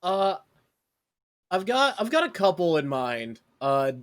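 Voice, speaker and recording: A man's voice: sits high, sing-song, takes it slowly, a bit bright. A man co-hosting a podcast, chatting casually and reacting with short exclamations. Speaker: podcast co-host. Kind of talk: casual chat.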